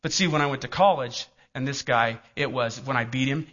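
A man's voice: fairly high pitch, normal speed, bright, forceful tone. A middle-aged male pastor preaching a sermon in a church, telling stories and asking the congregation questions. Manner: storytelling, asks the congregation questions. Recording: dull lo-fi recording.

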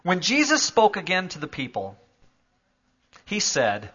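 A man preaching a sermon to a church congregation, moving from calm explanation to loud, emphatic declarations. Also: high-pitched, measured pace, long pauses, breathy edge, dull audio. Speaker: pastor. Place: church sanctuary.

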